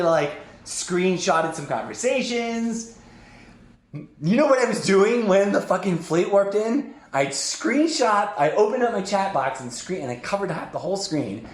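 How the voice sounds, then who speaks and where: A man hosting a podcast, telling a story in casual chat to his sibling, rambling and animated, full of fillers and swearing. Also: high-pitched, normal speed. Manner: rambling and animated, heavy use of "like", swears often. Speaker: podcast host. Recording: roomy echoey raw audio.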